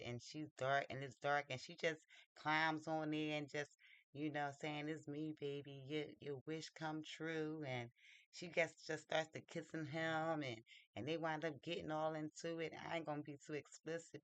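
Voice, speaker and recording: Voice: medium pitch, a bit bright, clear, resonant tone, dry recording. A book reviewer casually retelling a novel's plot in loose, slangy talk full of fillers.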